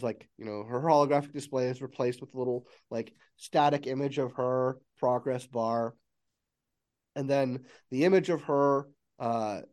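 A man narrates a tabletop game as its game master. His talk is loose and rambling, full of fillers and restarts, at a mid-range pitch. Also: a little mellow.

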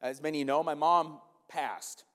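A man preaching a sermon in a church, animated and emphatic, often turning to the congregation with asides. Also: a little high, moderate pace. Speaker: pastor. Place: church sanctuary. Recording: long church-hall reverb.

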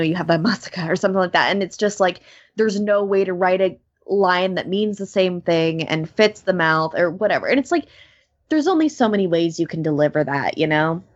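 A woman voice actor chats casually, animated and chatty with plenty of fillers. Her voice sits a little low. The recording is dull and lo-fi. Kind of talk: casual podcast chat. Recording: dull lo-fi sound.

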